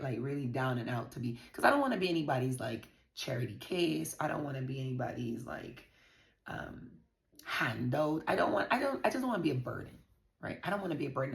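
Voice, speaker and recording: In an echoey room, a female vlogger from the Virgin Islands shares a personal story with her viewers, blunt and profane. She has a low-pitched, creaky voice.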